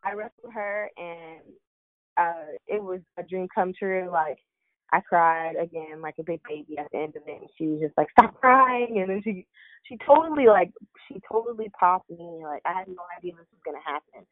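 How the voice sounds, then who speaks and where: Young woman, indie wrestler guest, lowish voice, animated storyteller, thin phone-line sound. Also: normal speed, dry recording. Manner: animated, laughs often, acts out quotes. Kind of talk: casual interview storytelling. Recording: dry narrow phone-like line.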